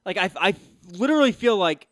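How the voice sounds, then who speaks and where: A young man co-hosting a sports podcast, telling stories in animated, joking banter. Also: sits high, fairly quick, dry recording, clean studio sound. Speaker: podcast co-host. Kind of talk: casual sports podcast chat.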